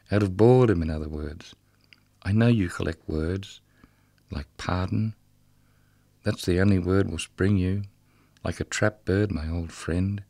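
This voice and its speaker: A man's voice: deep voice, vocal fry, a little mellow, no room sound, pitched below the performer's own voice. A man reading a rhythmic dramatic monologue as the ghost of a murdered, drunken prison guard, bitter and mocking. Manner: rhythmic, incantatory delivery.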